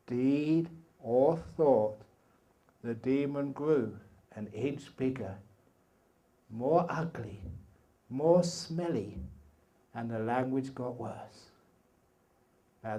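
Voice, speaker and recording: Slow, playful older British monk telling a story. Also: male voice, mid-range voice, warm tone. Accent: British English. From England. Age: 60s. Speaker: meditation teacher. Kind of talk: storytelling dharma talk. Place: retreat hall.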